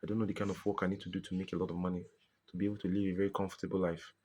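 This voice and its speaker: A man's voice: deep voice, level tone, rapid-fire, a little mellow, a little hiss or hum. A Nigerian man venting in a frustrated personal monologue to his viewers, exasperated and pleading, often repeating himself. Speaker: vlogger.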